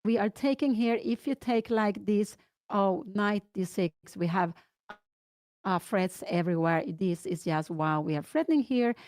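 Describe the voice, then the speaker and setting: A woman in her sixties with a Swedish accent, commentating a chess game live and thinking aloud through move lines, getting excited. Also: medium pitch, unhurried, no room sound. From Sweden.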